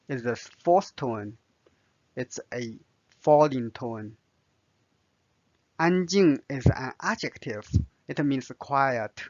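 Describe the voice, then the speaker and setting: Chinese-native man teaching a lesson, very slow and patient, dry dull sound. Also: mid-range voice, no room sound. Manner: slow, careful explanations with many fillers. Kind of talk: language lesson.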